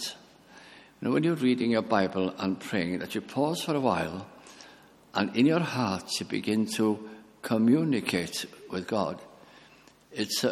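An older man delivers a sermon in a reflective, musing way, stopping to restart his thoughts and quoting scripture. His voice sits a little low. A long hall reverb trails behind each phrase. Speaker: preacher.

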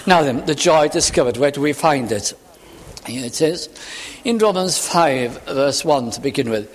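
Earnest preacher in a reverberant hall. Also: male voice, mid-range voice, lively intonation. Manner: earnest, measured, quotes scripture slowly then explains. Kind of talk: expository sermon reading scripture.

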